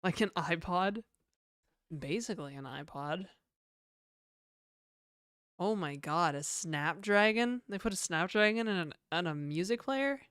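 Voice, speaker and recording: A woman's voice: on the low side, animated, unhurried, pauses often, a bit bright, clean tone, dry recording, clean studio sound. A woman streaming her game development, chatting loosely with viewers and rambling between reactions. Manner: rambling, chatty, swears casually, reacts to chat. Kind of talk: casual livestream chat.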